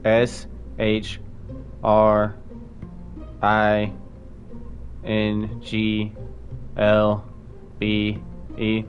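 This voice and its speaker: A man's voice: on the low side, completely flat delivery, drawn-out words, long pauses. A man casually commenting while he plays a game on a live stream, rambling and playful, with asides to his chat. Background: faint music.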